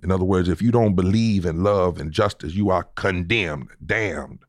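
A man with a very low voice answers interview questions as a preacher, citing scripture and leaning on emphatic repetitions. The recording is dry and close, with little room sound. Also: moderate pace, dry recording. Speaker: guest preacher.

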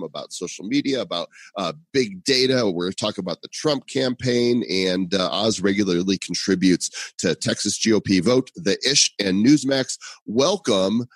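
A man's voice: on the low side, no echo. A man hosting a podcast, reading a sponsor spot and introducing a guest in a jokey, playful way. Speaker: podcast host. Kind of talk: casual podcast chat and ad read.

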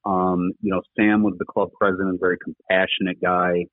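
A man's voice: low voice, flat delivery, normal speed, dry recording. A middle-aged man, a former coach, talking earnestly in a rambling interview with lots of fillers. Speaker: former rugby coach, podcast guest. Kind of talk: casual conversational interview talk. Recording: tinny phone-line audio, dry.

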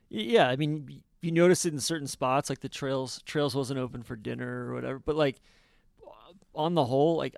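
A man's voice: medium pitch, gravelly, no room sound, clean studio sound. A man co-hosting a golf podcast in casual chat, often trailing off mid-thought. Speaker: podcast co-host.

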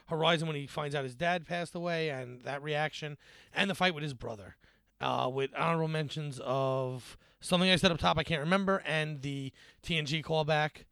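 A man's voice: a little high, moderate pace, gravelly, fairly bright tone, clean tone, no room sound. A man co-hosting a podcast in casual chat, rambling and joking with frequent fillers. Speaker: podcast co-host.

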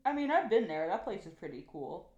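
A woman playing a card game with friends, reacting in an expressive, drawn-out way. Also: lowish voice, breathy edge, lo-fi sound. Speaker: player. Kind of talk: casual game chat.

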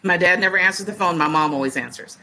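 Woman telling a story, low and bright. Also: quick pace, rough recording. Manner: lively storyteller who acts out other people's words. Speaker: podcast guest. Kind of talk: casual storytelling.

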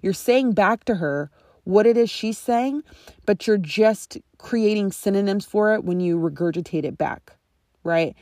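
Her medium-pitched voice is warm and a little slow as this thirty-something woman, a friendship coach, hosts a solo podcast. She teaches in a conversational way, often checking in with listeners, recorded in studio quality with no echo.

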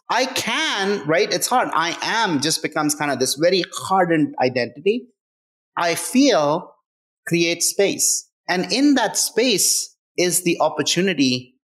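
A man's voice: a little high, fairly bright tone. A man speaking as a guest author in a conversational interview, earnest and emphatic, often checking in with "right?".

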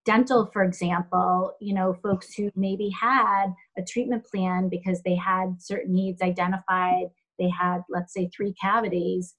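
Thoughtful woman pausing often with fillers. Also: on the low side, level tone, low-quality recording. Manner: thoughtful, halting with many fillers. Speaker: health center executive. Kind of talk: interview answers.

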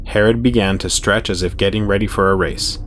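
A man narrating a dark horror story in a steady, even storytelling voice. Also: fairly low pitch, fairly quick, slight background noise. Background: faint music.

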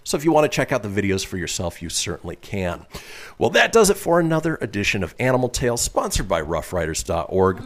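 A man's voice: on the low side, very animated, fast talker, a bit bright. A man hosting a casual radio talk show, reading news stories aloud and adding chatty asides. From northern Nevada, US.

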